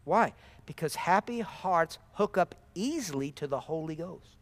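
A male preacher delivering a sermon in a high voice that leaps up and down. He repeats phrases for emphasis and breaks into sudden shouted praise. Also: animated, a little slow. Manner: impassioned, repetitive, with sudden shouted praise and laughs.

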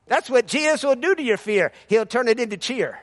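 High-voiced fervent male preacher. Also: lively intonation, brisk. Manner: fervent preaching, rising to shouts of praise. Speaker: pastor. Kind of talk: sermon.

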